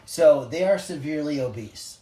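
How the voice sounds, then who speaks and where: A man's voice: a little high, animated, normal speed, echoey room, noisy background. A man caring for animals at a sanctuary, chatting casually to the camera and slipping into cooing baby talk with the animals. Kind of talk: casual vlog narration.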